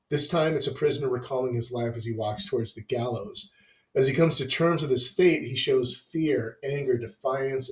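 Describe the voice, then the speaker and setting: A man of middle pitch hosts an opinionated album review, swearing freely and tossing in dry jokes. His voice carries a roomy echo around it. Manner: enthusiastic, profane, wry asides. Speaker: music review host.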